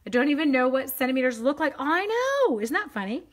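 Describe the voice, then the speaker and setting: A woman's voice: sits high, very fast. A woman in her forties hosting a live craft tutorial from home, rambling and self-deprecating as she greets viewers mid-task. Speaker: stamping demonstrator hosting a live craft stream.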